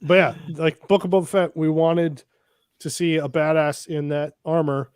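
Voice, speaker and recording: A man's voice: a little high, little pitch movement, moderate pace, a little mellow, smooth, dry recording, studio quality. A man co-hosting a pop culture podcast, talking in a laid-back, rambling way in casual chat. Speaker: podcast co-host.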